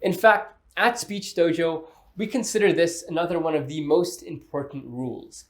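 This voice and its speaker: A man giving scripted instructional narration on public speaking, speaking in a measured, clear way and shifting pace and pitch to demonstrate. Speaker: speaking coach.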